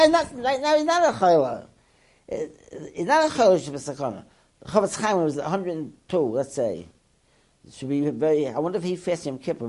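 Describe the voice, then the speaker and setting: A man teaching a Torah class, animated and asking his listeners questions, mixing Hebrew and Yiddish terms into English. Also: a little high.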